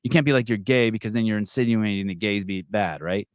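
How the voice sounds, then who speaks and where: A man hosting a podcast, telling a story in casual chat, swearing often and getting animated. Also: lowish voice, fast talker, no room sound, studio quality. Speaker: podcast host.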